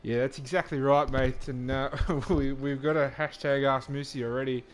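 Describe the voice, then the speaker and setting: A man's voice: mid-range voice, normal speed. Australian male co-commentator, dry humour, easygoing, many ums. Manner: relaxed, dry banter, filler-heavy. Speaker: sim racing commentator. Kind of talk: casual live commentary.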